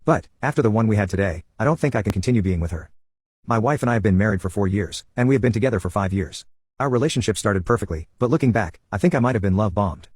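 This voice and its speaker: A man narrating a personal story in a steady first-person telling. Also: fairly low pitch, breathy edge, dry recording.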